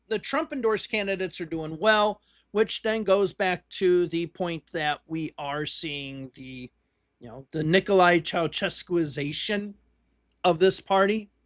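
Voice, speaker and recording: A man with a high voice rambles through election returns, restarting his sentences as he goes. The sound is close and dry, with no room around it, and he talks like a host chatting on a livestream. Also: dry recording. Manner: rambling, restarts, thinks aloud while reading results. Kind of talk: casual live commentary on election results.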